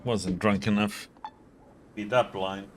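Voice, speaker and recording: A man's voice: lowish voice, steady tone, takes it slowly, a little hiss or hum. A man casually commenting on his own game playthrough, muttering to himself as he loots. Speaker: game streamer.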